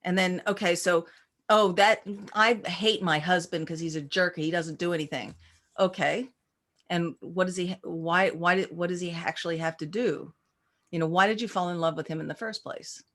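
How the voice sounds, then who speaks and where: Woman with a lowish voice telling stories in an interview, lots of restarts, acts out what people said. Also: moderate pace. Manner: animated, acts out quoted voices, frequent restarts. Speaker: EFT practitioner and teacher. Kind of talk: casual interview storytelling.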